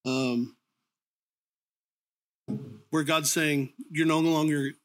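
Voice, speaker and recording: A man giving a sermon in an informal, conversational way, with frequent ums, restarts and the odd throat-clearing. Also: a little high, fairly even intonation, extremely slow. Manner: clears his throat now and then. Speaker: preacher.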